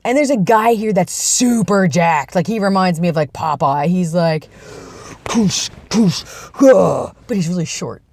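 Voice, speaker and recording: A man's voice: high-pitched, moderate pace, hardly any pauses, no room sound. A young man vlogging in a casual, rambling way, with self-deprecating asides, talking from his workplace. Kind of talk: casual chat.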